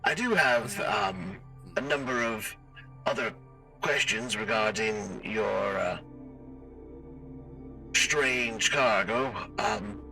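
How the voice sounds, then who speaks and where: Formal, hesitant alien merchant, robotic filter, gravelly edge. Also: male voice, mid-range voice, animated, bright, forceful tone, recorded from a distance, soft background music, heavily acted, rough recording. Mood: courteous. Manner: formal and halting, with many hesitations. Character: polite, formal male alien trader. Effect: robot voice changer.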